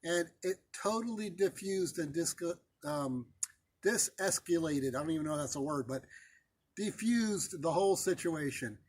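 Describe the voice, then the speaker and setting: A male pastor telling a personal story in a sermon, conversational and halting, with many fillers and restarts. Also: a little high, animated, slightly rough.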